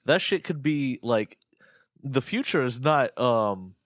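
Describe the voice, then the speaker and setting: A man's voice: mid-range voice, animated, takes it slowly, dry recording, studio quality. A man co-hosting a podcast, rambling and joking crudely in casual comedic chat. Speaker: podcast co-host.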